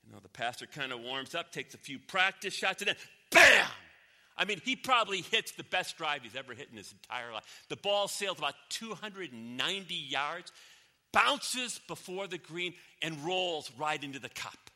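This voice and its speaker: A man preaching a sermon, swinging from loud exclamations to near whispers to tell a story. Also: a little high, animated, normal speed. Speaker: pastor.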